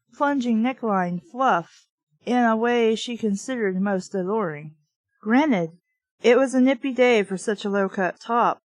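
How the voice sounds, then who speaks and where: A woman's voice: a little high, no echo, low-quality recording. Sarcastic woman reading a novel aloud. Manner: sarcastic, swearing asides. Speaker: book reviewer reading aloud. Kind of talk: mocking read-aloud of a novel.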